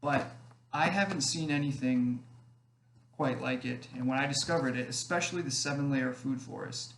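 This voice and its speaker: A man's voice: mid-range voice, normal speed, gravelly, a bit bright. A man rambling casually to camera, often checking in with "okay?" as he goes. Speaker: online group admin. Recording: echoey room, faint background noise.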